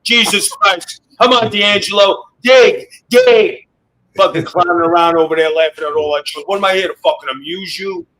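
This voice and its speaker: A brash man with a fairly high voice barks profane, mock-mobster jokes at a co-host. He roasts and tells war stories with loud comic swagger on a podcast. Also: moderate pace, poor audio. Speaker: guest wrestler. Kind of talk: loud comedic roasting, storytelling. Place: podcast studio.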